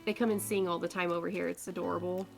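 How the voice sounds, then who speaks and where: A woman's voice: lowish voice, flat delivery, fast, creaky, soft background music. A woman guest chatting casually and playfully, with lots of fillers as she explains things. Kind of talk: casual chat.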